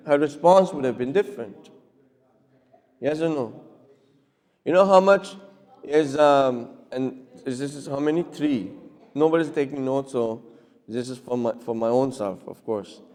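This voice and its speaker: Male cleric-lecturer, fairly high voice, teaching tone, quizzes the room, echoing hall sound. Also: normal speed, a little mellow. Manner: keeps checking with listeners, acts out little dialogues. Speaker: cleric giving a talk. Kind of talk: lecture with audience questions. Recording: long reverb of a hall.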